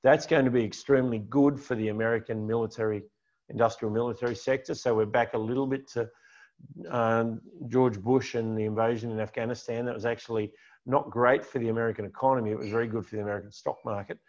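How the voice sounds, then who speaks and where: A man talks clients through his slides in a conversational, emphatic way, repeating the points he wants to stick. His voice sits at an ordinary middle pitch. The recording is dull and lo-fi, like webinar audio. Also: fairly even intonation, quick pace, darkish tone. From Australia. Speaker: financial adviser giving a client update. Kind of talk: presentation with slides.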